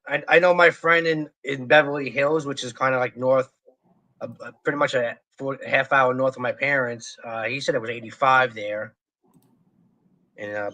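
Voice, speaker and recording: A man's voice: medium pitch, steady tone, normal speed, sharp tone. A middle-aged man co-hosting a casual livestream, easygoing and reading out viewer comments. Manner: easygoing, chatty, reads viewer comments aloud. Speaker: livestream co-host.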